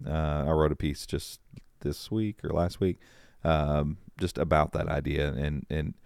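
A man co-hosting a casual tech podcast, rambling and animated, full of restarts. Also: extremely low pitch, measured pace, gravelly, dry recording, studio quality. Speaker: podcast co-host.

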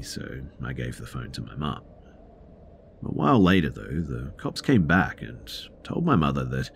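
A man with a very deep, gravelly voice reads true horror stories aloud in a calm, unhurried storytelling manner. There is a faint hiss of noise underneath. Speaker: narrator reading submitted stories. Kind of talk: scripted horror story narration.

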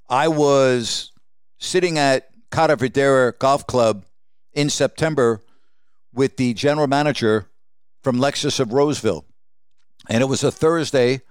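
A man's voice: mid-range voice, clean tone, no echo, clean studio sound. A man hosting his own podcast, telling a personal story in a conversational way and acting out quoted exchanges with the people in it. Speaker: podcast host.

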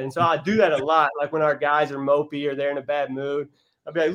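A man's voice: fairly high pitch, level tone, fast talker, a bit bright, dull audio. A man who is a college basketball coach, guesting on a podcast and telling earnest, heartfelt stories with frequent restarts. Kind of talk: casual interview storytelling.

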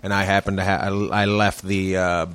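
A man's voice: low voice, flat delivery, fairly quick, fairly bright tone, smooth. A man from Canada, a comedian guest on a podcast, telling stories in a laid-back, dry way. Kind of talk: casual chat.

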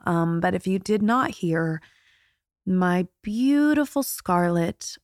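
Gravelly low-voiced woman host. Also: darkish tone, no room sound, studio quality. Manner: tearful, halting, emotional. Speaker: podcast host. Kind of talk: solo intro monologue. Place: recording studio.

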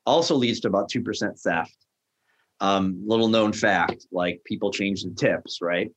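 A middle-aged man in a casual chat, telling a story with lively energy and acting out the lines of the people he quotes. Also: lowish voice, unhurried. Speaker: guest, restaurant founder.

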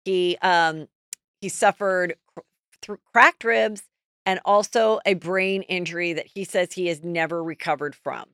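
A middle-aged woman hosting a celebrity gossip podcast, telling stories in a chatty, animated way. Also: lowish voice, unhurried, smooth, no room sound, clean studio sound. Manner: chatty, animated storytelling with quoted asides. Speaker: podcast host. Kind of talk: casual celebrity gossip chat.

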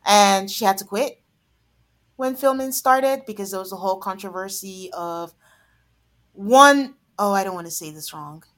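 A woman co-hosting a podcast in casual chat, laughing often and trailing off softly. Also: mid-range voice, measured pace. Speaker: podcast co-host.

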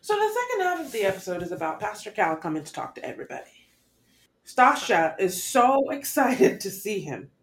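A woman co-hosting a casual recap chat, giving expressive and exasperated commentary. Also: medium pitch, a little fast. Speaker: podcast co-host.

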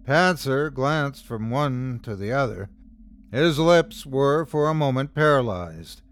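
Man, horror story narrator, slow, measured, dramatic, mid pitch. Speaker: host and narrator.

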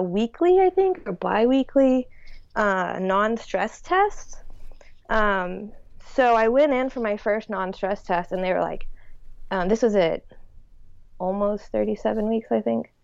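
A woman's voice: medium pitch, animated, takes it slowly, vocal fry, a little mellow, no echo. Woman, casual storyteller, fillers throughout, dull dry audio. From United States. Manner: chatty, lots of "like" and "um". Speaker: guest telling her birth story.

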